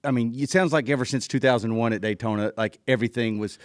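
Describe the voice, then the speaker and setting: A man's voice: mid-range voice, fairly even intonation, fast talker, dry recording, studio quality. A man hosting an interview, mostly reacting briefly and asking follow-up questions. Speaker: podcast host. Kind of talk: casual interview chat.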